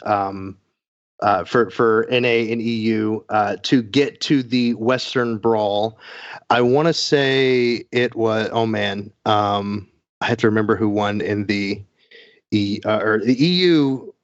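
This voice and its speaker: A man's voice: fairly low pitch, slow, dry recording. A man co-hosting a casual gaming news podcast, chatty and rambling with lots of fillers. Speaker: podcast co-host. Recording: dull lo-fi sound.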